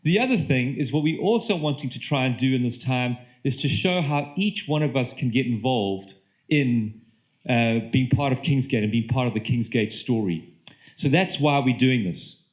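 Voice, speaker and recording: A man's voice: medium pitch, lively intonation. A man with a British accent preaching a sermon to his church, earnest and often restarting his sentences. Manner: earnest, halting with repeated restarts. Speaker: pastor.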